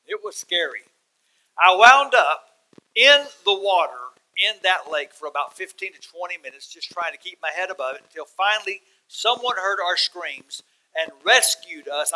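Texan man, middle-aged guest preacher, high bright voice, folksy humor that swells into loud emphasis. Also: poor audio. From Texas. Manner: folksy, self-deprecating, builds to loud emphatic bursts. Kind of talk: sermon.

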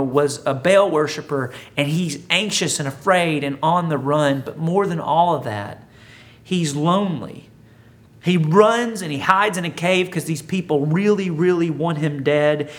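A man delivering a sermon in a loose, talkative manner, joking his way through an old story before turning it toward everyday life. His voice sits a little higher than most men's. He sounds like he is chatting with the congregation rather than lecturing them. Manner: conversational, humorous storytelling. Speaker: pastor.

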